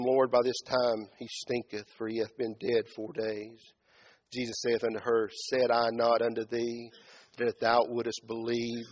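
A man preaching a sermon in a church, shifting between loud, shouted build-ups and quiet low asides, and acting out Bible figures in mocking voices. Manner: acts out biblical speakers in mocking tones.

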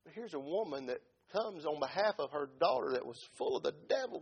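A middle-aged man preaching a sermon in a folksy way, dropping from quiet talk to loud shouted peaks. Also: fairly high pitch, expressive, brisk, creaky, hardly any pauses, husky, lo-fi sound.

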